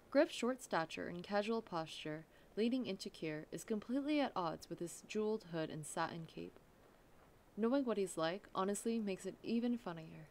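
A woman's voice: medium pitch, lively intonation, normal speed, darkish tone. A young woman reads a visual novel's text aloud in an easy, casual way. She often stops to laugh and add her own comments on the story. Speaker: let's play narrator.

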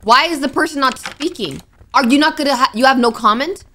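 Nervous young woman gamer, bright voice. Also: high voice, brisk, a little hiss or hum. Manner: nervous, jumpy reactions to a horror game. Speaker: gaming streamer. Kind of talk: let's play commentary.

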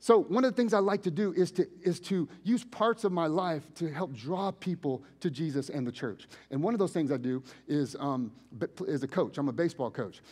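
A man preaching a sermon, telling personal stories conversationally and switching between loud and hushed delivery. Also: fairly high pitch, brisk, few pauses, slightly rough. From United States. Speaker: pastor. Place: church sanctuary.

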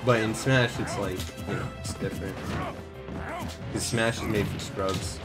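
A young man chatting casually while streaming a game, slangy and excitable, swearing freely. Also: lowish voice, a little slow. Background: game music.

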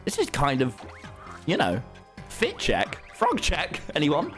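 A man streaming a game live, excitable and swearing as he jokes with his chat. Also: on the high side, slow pace, soft background music. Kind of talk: live gameplay commentary.

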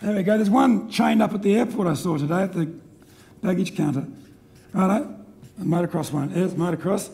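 A middle-aged man giving a live seminar talk, energetic and joking as he quizzes the audience. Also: sits high, a little fast, gravelly. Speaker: seminar presenter.

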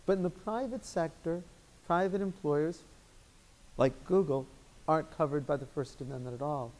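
A man with a Chicago accent, a guest lecturer giving measured, articulate legal answers in a law school lecture room. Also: on the high side, a little mellow. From Chicago, United States.

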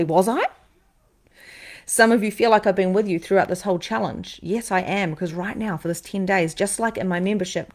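A woman psychic medium and podcast host talking live to her viewers, animated, repeating phrases for emphasis and swearing freely. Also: medium pitch. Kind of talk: live-stream talk to viewers.

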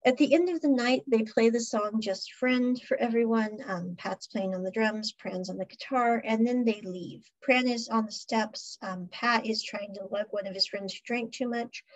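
Husky-voiced woman host recapping a drama. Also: a little high, moderate pace, hardly any pauses. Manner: chatty, animated retelling with laughs. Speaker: podcast host. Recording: dull lo-fi recording.

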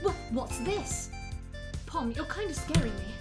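A woman voicing a gentle, worried male Shiba Inu dog in a video game, talking in a pleading, earnest way. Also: sits high, very animated, a little slow, voice pushed down. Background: game music.

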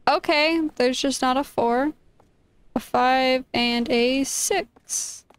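A high-pitched young woman talks her way through a game at an unhurried pace, bursting into excited exclamations and reading on-screen text aloud. Her voice sits close and dry against the mic. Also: smooth, dry recording. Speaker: streamer. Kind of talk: casual gameplay commentary.

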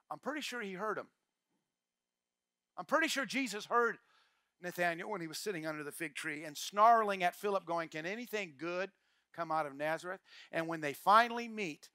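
A man's voice: high voice, dry recording. Older man, pastor, sermon, emphatic repeats, dry close sound. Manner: emphatic, repeats key phrases, swings from quiet to shouting. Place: church.

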